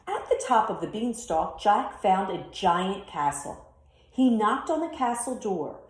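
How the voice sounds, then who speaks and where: A woman teacher reads a children's story aloud in an expressive storytelling voice. She takes her time, and her pitch rises and falls a lot. The sound is roomy and echoing. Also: measured pace. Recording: roomy echo.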